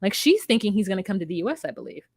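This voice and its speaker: A woman's voice: mid-range voice, big pitch swings, rapid-fire, darkish tone, dry recording, studio quality. A young woman co-hosting a podcast, recapping reality TV bluntly and swearing freely. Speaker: podcast co-host. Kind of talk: casual reality TV recap chat.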